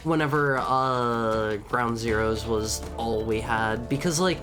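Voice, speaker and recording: A male streamer with a slightly raspy sick voice, commentating his own gameplay live, excitable, stammering and yelping when he panics. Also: medium pitch, slow pace, hardly any pauses, over music. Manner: excitable, yelps and panics, stammers and restarts often.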